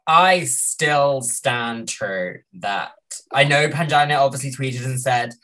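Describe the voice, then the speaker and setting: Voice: mid-range voice, takes it slowly, bright, forceful tone. A British podcast co-host in casual chat, blunt and swearing, sometimes stumbling over words. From Britain. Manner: blunt, swearing, hesitant restarts.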